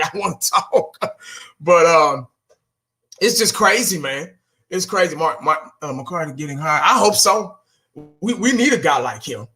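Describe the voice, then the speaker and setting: A man's voice: sits high, sharp tone. A man hosting his own channel, ranting bluntly and with profanity, talking straight to his viewers. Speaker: fan channel host. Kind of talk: casual solo rant.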